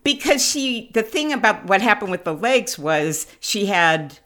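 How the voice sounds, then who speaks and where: A woman guest on a chat podcast, telling a rambling, animated anecdote and acting out the other people's lines. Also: mid-range voice, unhurried, a little hiss or hum. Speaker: manager, phone-in guest. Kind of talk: casual storytelling. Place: her own home.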